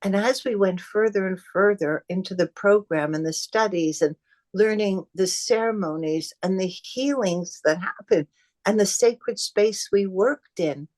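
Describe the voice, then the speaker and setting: A middle-aged woman, a podcast guest, telling her story in a casual, animated way and acting out remembered conversations. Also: medium pitch, a little slow. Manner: animated, acts out quoted dialogue.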